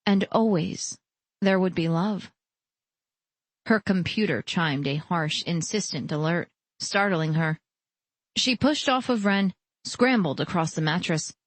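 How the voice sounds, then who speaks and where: A woman narrating a romance audiobook with soft storytelling. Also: on the low side, dry recording. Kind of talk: scripted narration.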